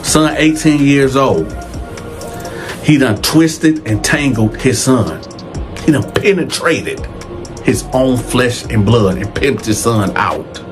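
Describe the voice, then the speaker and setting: A man narrates a dark teaser slowly and with weight. His pitch rises and falls a lot. Music plays clearly behind him. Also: animated. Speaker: storyteller.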